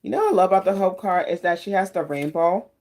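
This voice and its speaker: A woman's voice: on the low side, animated, fast, darkish tone. Woman, tarot live-streamer, rambling and friendly-casual delivery. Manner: chatty and meandering, greets viewers by name. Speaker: tarot card reader hosting a live stream.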